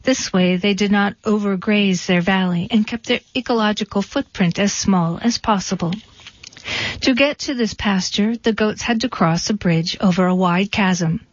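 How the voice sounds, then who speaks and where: A woman reading a storybook in a dry, deadpan way. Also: mid-range voice, moderate pace, no echo. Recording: dull, dry recording.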